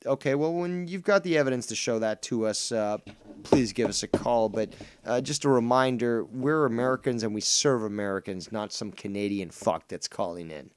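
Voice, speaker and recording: A man hosting a casual talk show, ranting angrily with heavy profanity and mocking voices, swinging between low mutters and loud outbursts while drinking and smoking. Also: normal speed, smooth. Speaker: podcast host.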